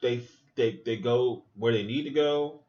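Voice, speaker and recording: A medium-pitched male podcast host speaks unhurriedly, and the audio is dull. Watching a movie, he reacts aloud in a relaxed, profane manner. He stays animated and keeps thinking out loud with side comments.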